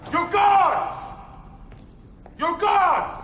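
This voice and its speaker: Prisoner yelling for guards. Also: male voice, very high voice, extremely slow, dull audio, a little hiss or hum, exaggerated voice. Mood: urgent. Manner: urgent, yelling repeatedly. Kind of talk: film dialogue. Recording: echoey hall with film score.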